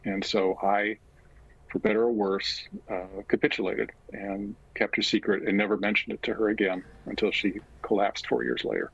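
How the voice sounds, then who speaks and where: A low, gravelly man with a husky edge talks slowly and reflectively as an interview guest, pausing often between thoughts. The recording sounds dull and lo-fi. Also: little pitch movement. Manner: halting and reflective, with frequent pauses. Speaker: guest author. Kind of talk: personal interview account.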